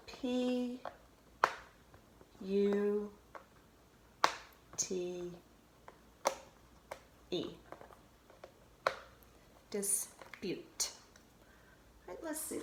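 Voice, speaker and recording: Woman, elementary teacher, slow deliberate phonics delivery, animated intonation, roomy recording with faint hiss. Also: medium pitch. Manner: slow, sounding out syllables and letters. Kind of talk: phonics lesson to children on video. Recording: roomy echo, faint noise.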